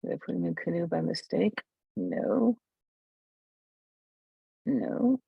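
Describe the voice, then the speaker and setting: A camera club presenter giving a casual software walkthrough, thinking aloud and correcting themselves while demonstrating. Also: mid-range voice, slow, gravelly, slightly rough, no echo, phone-quality sound.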